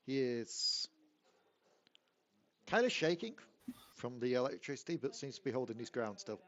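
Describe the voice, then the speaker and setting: A man runs a tabletop game, his voice sitting at an ordinary middle pitch. He describes the scene in a relaxed, easygoing way. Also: moderate pace, highs cut off. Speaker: game master.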